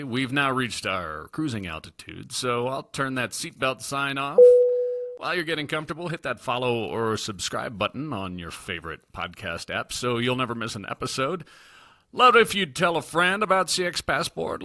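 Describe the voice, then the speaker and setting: A man's voice: medium pitch, pushed and bright, dry recording, clean studio sound. A man playing a cheery airline captain. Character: friendly male airline captain making announcements. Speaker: podcast host. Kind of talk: scripted show promo.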